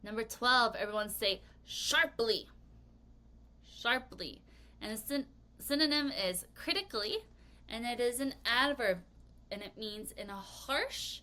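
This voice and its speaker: A woman teaching English vocabulary in a lesson video, with a bright, clear voice pitched a little high. She keeps the delivery playful and expressive and has learners repeat each word back to her. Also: unhurried. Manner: playful, expressive, leads choral repetition.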